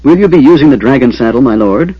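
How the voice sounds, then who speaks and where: A man voicing a wary reptilian soldier captain in an audiobook, speaking quickly in a raised, urgent voice. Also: medium pitch, lively intonation, husky, no echo, voice pushed up. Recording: dull lo-fi.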